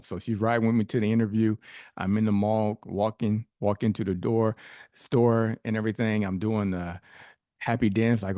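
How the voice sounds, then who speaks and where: A man's voice: on the low side, moderate pace, darkish tone, no room sound, studio quality. A middle-aged man, a podcast guest, telling a personal story emphatically with rhetorical questions.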